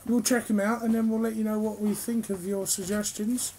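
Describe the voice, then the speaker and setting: A man's voice: sits high, little pitch movement, fairly quick, a little mellow, slight background noise. A man, co-hosting a podcast with crude, blunt jokes and frequent laughter. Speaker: podcast co-host. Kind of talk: casual banter.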